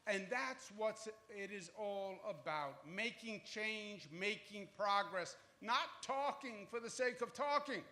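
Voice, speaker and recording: A man in his sixties with a New York accent speaks in a high-pitched, sharp, animated voice, slowly and with few pauses. As state governor he gives a public speech at an outdoor groundbreaking event in Harlem, emphatic and repetitive, with joking asides.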